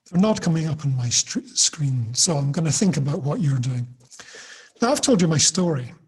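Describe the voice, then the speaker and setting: Husky man, middle-aged, online teacher, slightly higher voice, storytelling. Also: sing-song, moderate pace. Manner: storytelling, explaining with examples. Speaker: teacher trainer.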